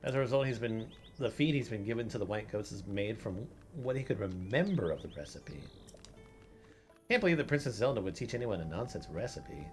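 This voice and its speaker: A man with a fairly low voice streams a video game, talking animatedly and a little fast as he chats casually, laughing a lot and cursing occasionally. Game music plays behind his easygoing play-by-play.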